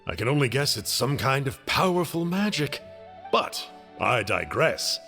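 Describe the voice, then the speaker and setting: An actor playing a cheerful, chatty member of a sinister order in a game, playfully polite. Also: male voice, medium pitch, very animated, a little slow, gravelly, pushed and bright, faint music behind, heavily acted.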